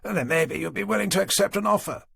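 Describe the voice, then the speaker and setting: A man's voice: high voice, fast, vocal fry, fairly bright tone, slightly rough, no echo, pitched above the performer's own voice, exaggerated voice. A man reading an audiobook, voicing a kindly old aristocrat with a clipped upper-class English accent and dry, self-mocking humour. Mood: genial.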